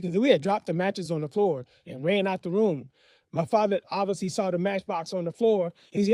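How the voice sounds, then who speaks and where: A man with a high voice tells a personal story with vivid, dramatic pacing. He is recorded close in a dry room with no echo. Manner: animated, vivid, dramatic pauses.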